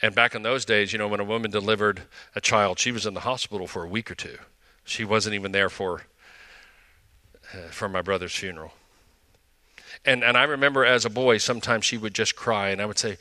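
A man's voice: on the low side, fairly even intonation, fairly quick, sharp tone, dry recording. An older man pastor giving a conversational sermon, with frequent asides and restarts.

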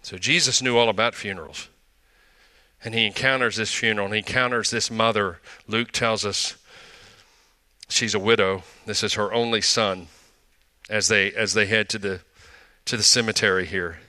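A man's voice: lowish voice, fairly even intonation, moderate pace, long pauses, bright, forceful tone, dry recording. An older man pastor giving a conversational sermon, with frequent asides and restarts.

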